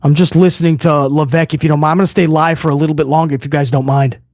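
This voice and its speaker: A fairly high-pitched man chats excitedly to his viewers on a live stream, casual and profane, tossing in "bro" and "man." The sound is close and dry, with no room around it. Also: rapid-fire, dry recording. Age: older adult fan. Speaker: livestream host reacting to wrestling. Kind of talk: live reaction stream commentary.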